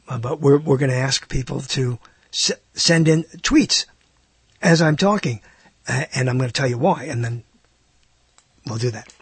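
A man's voice: mid-range voice, vocal fry, husky, no echo. A man hosting a live internet radio talk show, rambling and hesitant, with self-mocking asides.

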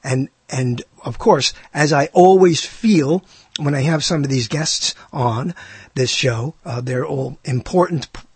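Older New York man hosting radio talk, rambling and theatrical, husky, fairly high, dry sound. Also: a little slow, darkish tone, no echo. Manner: rambling, self-mocking, theatrical. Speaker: radio show host. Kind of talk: casual monologue.

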